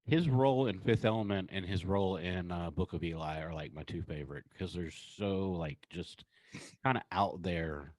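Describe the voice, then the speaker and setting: A man with a mild North Carolina accent co-hosting a podcast, chatting casually in a relaxed, rambling way. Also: deep voice, normal speed. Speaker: podcast co-host. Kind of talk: casual chat.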